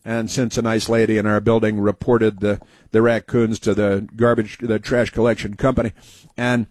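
A man's voice: on the low side, flat delivery, normal speed, a little mellow, no echo. Dry-voiced rambling talk show host man. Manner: rambling anecdotes, mocking political commentary. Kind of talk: casual talk radio monologue.

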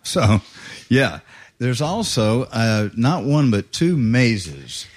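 A man's voice: mid-range voice, very animated, very slow. A man interviewing an author, conversational and joking, with some hesitant restarts. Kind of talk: interview questions.

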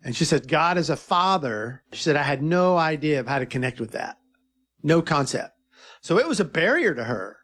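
A middle-aged man with a fairly high speaking voice tells stories in an interview. He is earnest and animated, and he often backs up and restarts his sentences as he goes. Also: normal speed. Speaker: filmmaker guest. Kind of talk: conversational interview storytelling.

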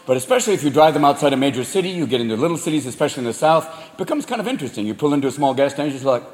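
Man, stand-up comic, high lively voice, roomy hall with loud crowd laughter. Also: rapid-fire, slight background noise. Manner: profane, animated, shouting punchlines. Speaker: stand-up comedian. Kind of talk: stand-up comedy. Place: large venue with audience.

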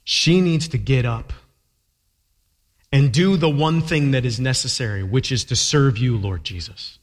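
A man's voice: mid-range voice, measured pace. Emphatic male preacher in a reverberant hall. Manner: emphatic, uses rhetorical questions. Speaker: pastor. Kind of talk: sermon. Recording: long reverb of a large hall.

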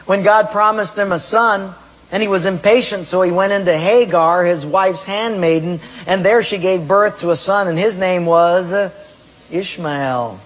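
A man's voice: high-pitched, measured pace. A male pastor preaching a sermon, questioning the congregation directly between stories. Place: church hall. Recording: echoey hall reverb.

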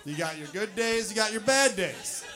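A man doing a stand-up comedy set, swinging into loud, exasperated acted-out asides. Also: sits high, animated, moderate pace, crowd noise.

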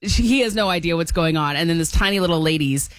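A woman in her thirties co-hosting a morning radio show, telling stories in a lively, laughing way. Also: fairly low pitch, quick pace, clear, resonant tone, no echo, soft background music. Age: 30s. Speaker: radio co-host.

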